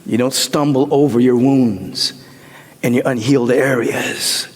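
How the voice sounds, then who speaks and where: A man preaching a sermon as pastor, swinging from soaring shouts to hushed whispers. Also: mid-range voice, fairly even intonation, measured pace. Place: large church hall. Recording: hall reverb.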